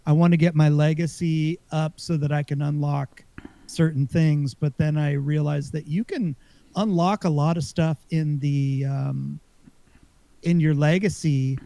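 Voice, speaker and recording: A podcast co-host with a fairly high, steady, creaky and dark-toned voice talks a little slowly, chatting casually about a video game. He rambles with lots of fillers and restarts, and the recording has no room sound.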